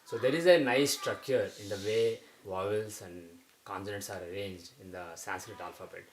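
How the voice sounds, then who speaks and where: A man teaching pronunciation in a methodical lecture, repeating sounds slowly to show them. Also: on the low side. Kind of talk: explanatory lecture. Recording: distant mic with faint hiss.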